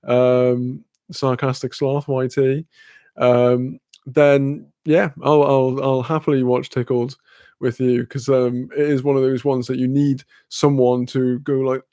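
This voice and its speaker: A man's voice: medium pitch, little pitch movement, slow pace, warm tone, no echo. A man chatting casually with his live-stream audience, rambling and laid-back, swearing offhandedly and laughing often.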